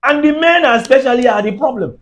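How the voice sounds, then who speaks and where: A man's voice: very high voice, lively intonation, a little fast, a bit bright, low-quality recording. A Nigerian man with a Nigerian accent, delivering a heated, preachy comedic rant and laughing at his own jabs.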